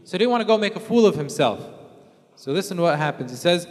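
A man preaching in a relaxed, conversational way, slipping into little quoted voices to act out everyday scenes. His voice sits a touch high for a man. It rings out with a long reverb, as if in a large hall. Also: fast. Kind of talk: sermon.

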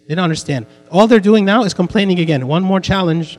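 A man's voice: high-pitched, fast, in a large hall. A man teaching an interactive Bible class, repeating his points and putting questions to the students. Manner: repetitive, asks the class questions.

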